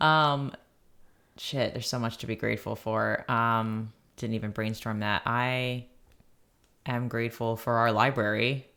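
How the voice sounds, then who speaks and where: A woman's voice: a bass voice, steady tone, a little slow, a bit bright. A woman co-hosting a podcast in casual chat, giggling often and talking with many fillers. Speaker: podcast co-host.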